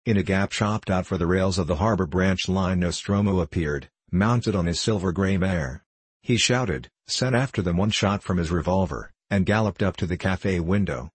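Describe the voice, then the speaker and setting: A man reading a classic novel aloud as an audiobook narrator, in a measured, steady way. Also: low-pitched, breathy edge, dry recording.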